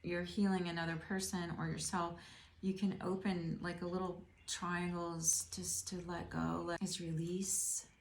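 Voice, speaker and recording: A woman's voice: on the low side, level tone, measured pace, vocal fry. A middle-aged woman giving a casual tarot reading, musing and rambling as she speaks to the viewer. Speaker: tarot reader. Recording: roomy echo.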